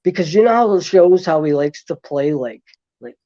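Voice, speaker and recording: Rambling mellow-voiced man telling stories. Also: fairly high pitch, normal speed, no echo, muffled recording. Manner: rambling, full of fillers and restarts; animated when retelling events. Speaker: guest. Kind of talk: casual storytelling.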